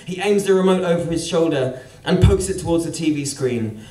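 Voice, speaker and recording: A man's voice: a little high, fairly quick, dark tone. A man telling a wry, sardonic story as spoken-word storytelling at a live venue. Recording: roomy venue, mic at a distance.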